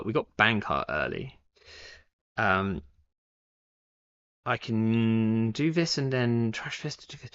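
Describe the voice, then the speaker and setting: A man's voice: fairly low pitch, creaky, fairly bright tone, smooth. A young man streaming a card game live, thinking aloud in a rambling way with lots of fillers and self-corrections. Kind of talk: casual live-stream commentary. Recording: dull, lo-fi stream audio.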